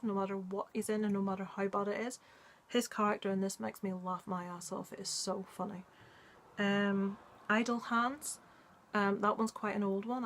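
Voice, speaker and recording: A woman's voice: mid-range voice, a little hiss or hum. Chatty woman rambling about movies. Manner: chatty, rambling, many ums and asides. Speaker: movie vlogger. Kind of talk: casual chat.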